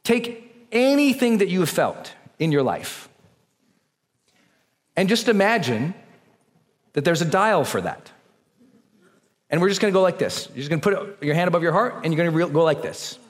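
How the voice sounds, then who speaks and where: A man giving an energetic, coaching motivational talk to a live audience and leading them through breathing exercises. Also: high voice, moderate pace, long pauses. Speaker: motivational speaker. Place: large hall with a live audience. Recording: long reverb of a large hall.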